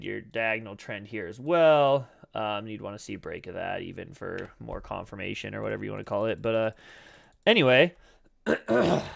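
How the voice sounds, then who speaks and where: Talking over trading charts during a live stream, a man rambles casually with many fillers and an occasional swear. His medium-pitched voice is gravelly and a bit bright, scratchy and cracking, and he frequently clears his throat.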